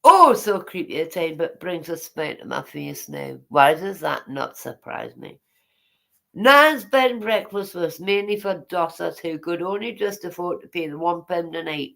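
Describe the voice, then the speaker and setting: A woman's voice: fairly low pitch, animated, normal speed, creaky, a bit bright. A woman, casually reading her memoir aloud and breaking off for chatty, teasing asides.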